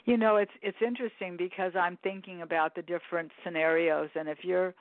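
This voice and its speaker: A woman's voice: fairly low pitch, steady tone, brisk, no echo. Woman host on a tinny call line. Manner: thoughtful, warm praise, many fillers. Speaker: interview host. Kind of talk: interview conversation.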